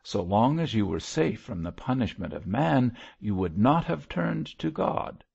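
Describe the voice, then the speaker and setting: A man's voice: mid-range voice, sing-song, a little slow, creaky, a little mellow, husky, heavily acted. A man voicing a fervent lay preacher who pleads and lectures in a grave, preachy manner. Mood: earnest. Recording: muffled lo-fi recording.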